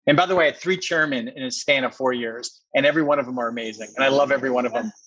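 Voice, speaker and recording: A man's voice: medium pitch, very fast, a bit bright, dry recording, highs cut off. A man, a company co-founder, telling a personal story as a podcast guest, earnest and repeating words for emphasis.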